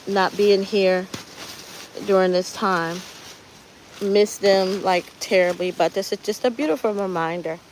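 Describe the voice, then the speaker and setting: A woman's voice: fairly low pitch, slight background noise. Chatty woman touring her garden outdoors. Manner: chatty and heartfelt, often speaks of prayer and gratitude. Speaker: gardening channel host. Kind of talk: casual live garden tour.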